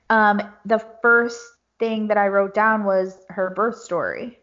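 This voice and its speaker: A woman co-hosting a podcast in casual chat, talkative and quick to laugh. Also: medium pitch, fairly even intonation, fairly bright tone. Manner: chatty, laughs easily. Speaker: podcast co-host. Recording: dull lo-fi recording.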